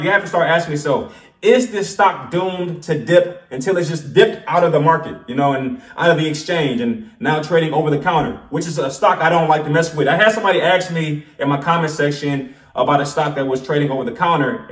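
A man's voice: a little high, recorded from a distance. Chatty man analyzing stocks, roomy sound. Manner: chatty, self-correcting, addresses viewers directly. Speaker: penny stock show host. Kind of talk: casual stock analysis talk.

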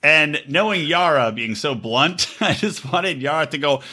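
A man hosting a podcast, chatting casually and profanely, acting out quotes in high squeaky voices. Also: takes it slowly, slightly rough. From Los Angeles area. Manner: animated, swearing, acts out quotes in high voices. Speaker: podcast host.

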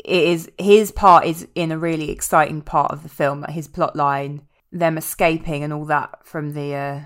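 A woman's voice: low voice, steady tone, moderate pace. A woman co-hosting a podcast, jokey and opinionated in casual chat, with casual swearing. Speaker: podcast co-host.

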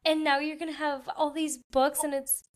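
A woman interviewing an author, gushing and enthusiastic, with quick affirmations. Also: high voice, level tone. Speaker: interviewer, book club host. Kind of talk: casual interview chat.

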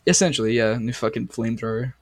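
A man's voice: mid-range voice, quick pace, background noise. A young man co-hosting a casual podcast, swearing a lot and retelling stories with animation. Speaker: podcast co-host. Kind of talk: casual chat.

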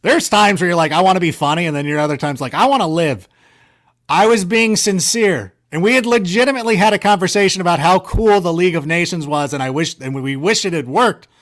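A man telling rambling, self-mocking anecdotes in a casual chat, with lively jumps in his voice. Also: high voice, fast.

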